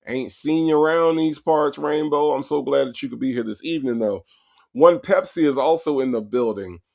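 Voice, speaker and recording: A man's voice: medium pitch, darkish tone. A man hosting a casual livestream, reading out viewers' names from the chat and greeting each one with repeated hellos. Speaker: livestream host. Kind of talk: casual livestream shout-outs.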